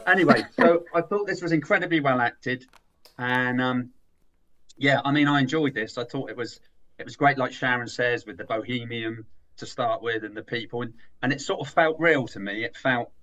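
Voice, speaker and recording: A man's voice: mid-range voice, moderate pace, fairly bright tone. Rambling, teasing man on dull lo-fi audio. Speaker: podcast co-host. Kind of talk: casual film review chat.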